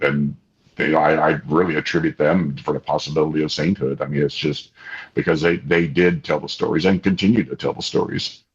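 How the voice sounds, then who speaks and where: A man, an interview guest and family spokesman, telling stories in an excitable, animated way with many restarts. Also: extremely low pitch. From Kansas. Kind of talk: casual interview storytelling. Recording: slightly dull lo-fi audio.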